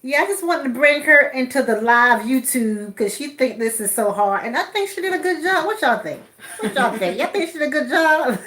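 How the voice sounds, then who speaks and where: A woman's voice: high-pitched, animated, normal speed, a bit bright. A woman hosting a casual live stream, chatting and laughing with her viewers. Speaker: channel host.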